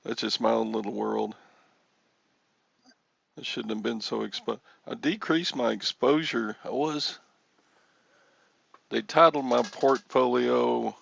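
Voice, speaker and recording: A man's voice: mid-range voice, measured pace, gravelly, long pauses, no echo, muffled recording. A man hosting a casual livestream chat, joking and rambling, with frequent chuckles. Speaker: livestream host.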